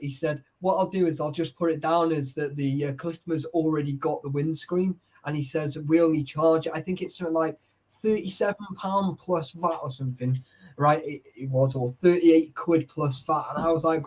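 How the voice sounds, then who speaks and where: A man's voice: on the high side, normal speed, darkish tone. A man in casual chat, swearing freely and peppering his talk with "like" and "right". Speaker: urban explorer.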